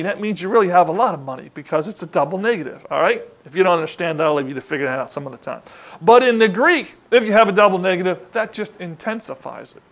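A man preaching a sermon in a chatty, conversational way, often asking the congregation questions. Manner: conversational, asks the congregation questions, lively rises in pitch.

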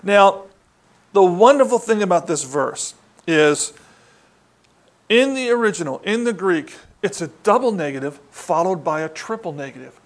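A man preaching a sermon in a chatty, conversational way, often asking the congregation questions. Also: moderate pace. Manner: conversational, asks the congregation questions, lively rises in pitch.

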